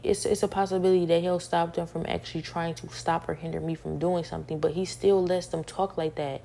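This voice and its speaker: A woman's voice: on the low side, fairly even intonation, fairly quick, creaky, few pauses, warm tone. A young woman venting her frustration in a monologue, repeating each point several times.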